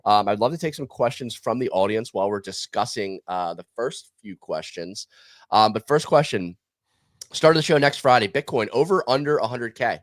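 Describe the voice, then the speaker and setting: A man's voice: on the low side, expressive, no echo. A man hosting a casual podcast, running through a prediction game in an upbeat, chatty way. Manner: upbeat, runs a prediction game with quick asides. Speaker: podcast host.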